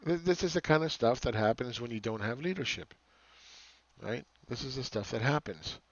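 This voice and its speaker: A man with a medium-pitched, lively voice hosts a market commentary channel at a moderate pace, recorded dry and lo-fi. He rants sarcastically, exasperated, repeating phrases for emphasis.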